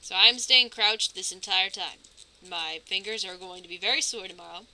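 A woman's voice: mid-range voice, normal speed, sharp tone, a little hiss or hum, rough recording. A woman commentating her game playthrough, chatty and narrating her moves, with nervous reactions. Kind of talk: let's play commentary.

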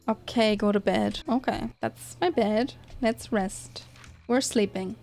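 A woman's voice: a little high, unhurried, creaky, a little mellow. A young woman hosting a gaming channel, giving chatty, amused commentary as she plays. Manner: chatty, amused asides with laughs. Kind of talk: casual gameplay commentary.

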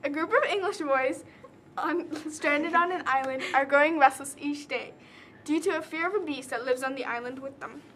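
A young woman earnestly narrates and explains a student drama presentation. Her voice is high and bright and sounds clear, with a crisp edge. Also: moderate pace, a little hiss or hum.

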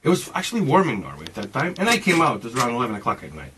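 Racing along with huge swings in his medium-pitched voice, a man in his forties delivers a rambling, casual monologue against background noise. He shares his personal views, philosophizing emphatically, cursing often, and addressing the listener as "man."

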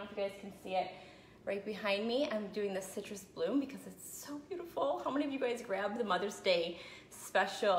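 A woman's voice: medium pitch, a little hiss or hum. Woman, casual phone live video, slightly winded, chatty with constant check-ins, echoey room. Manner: chatty, keeps checking in with "okay?" and "right?". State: a little out of breath after a run. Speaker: essential oil seller. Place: her home.

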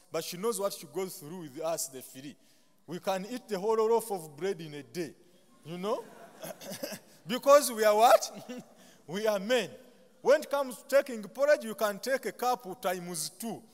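A man's voice: high-pitched, expressive, unhurried. Ugandan man preaching in a reverberant chapel. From Buganda, Uganda. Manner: call-and-response, leaves sentences open for the congregation to finish; humorous asides with self-deprecating jokes. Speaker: pastor. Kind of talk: sermon.

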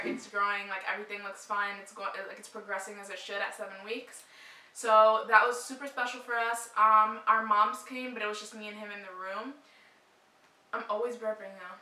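Young woman, pregnant, casual rambling vlog chat, filler-heavy, bright voice, roomy echo. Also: mid-range voice. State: pregnant with morning sickness. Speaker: vlogger. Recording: roomy echo, mic at a distance.

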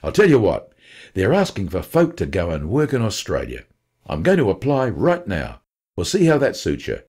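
A gruff, blustering working-class northern father who grumbles and swears, read by a man. The voice is raspy and lower-pitched, with wide swings in pitch. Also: huge pitch swings, moderate pace, a little mellow, full character voice. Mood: defiant.

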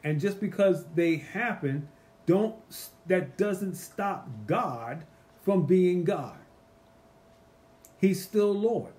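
A man teaching a casual Bible study, animated and emphatic, asking the group rhetorical questions. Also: high-pitched, drawn-out words.

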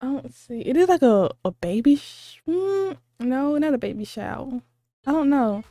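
A woman's voice: high-pitched, animated, moderate pace, warm tone, no echo. Gushing, squealy woman reacting to a clip. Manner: gushing, squealing exclamations, repeats herself. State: sleepy late at night. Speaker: reaction video host. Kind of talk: excited casual reaction commentary.

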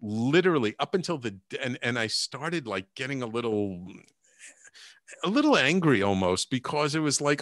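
A man's voice: moderate pace, dry recording. A middle-aged man talks through a personal story at an easy conversational pace. His voice lifts sharply whenever he acts out what someone said. The sound is close and dry. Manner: animated, acts out quotes with rising pitch. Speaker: podcast guest, healer and coach. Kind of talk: casual storytelling.

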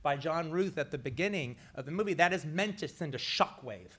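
A man, a writer and filmmaker, answering a question at a press conference, halting with many fillers. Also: a little high, animated, a bit bright.

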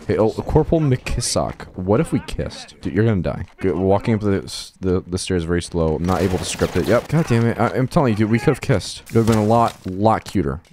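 Deep-voiced young man rambling over gameplay. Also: a little mellow, a little hiss or hum. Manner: rambling, self-deprecating, sweary, laughs often. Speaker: gaming YouTuber. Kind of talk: casual gameplay commentary.

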